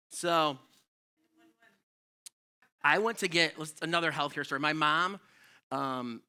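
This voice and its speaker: Stand-up comic, male, sharp bright tone, swearing and exasperated in his stories. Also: medium pitch, clean tone. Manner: profane, animated, exasperated storytelling. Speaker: stand-up comedian. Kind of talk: stand-up comedy storytelling. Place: comedy club stage.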